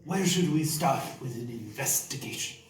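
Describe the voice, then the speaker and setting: A man's voice: medium pitch, lively intonation, moderate pace, close to an everyday voice. A man doing Alabaster, a strange wild old man. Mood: formal. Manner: prim, indignant, rather formal. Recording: roomy, distant mic, faint music.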